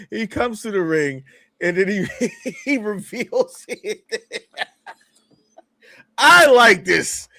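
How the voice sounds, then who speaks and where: A man's voice: high-pitched, creaky, sharp tone, dry recording, studio quality. A man co-hosting a wrestling review, chatting casually, often stopping to restart and laughing easily. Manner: halting, with frequent restarts and easy laughter. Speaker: podcast co-host reviewing wrestling.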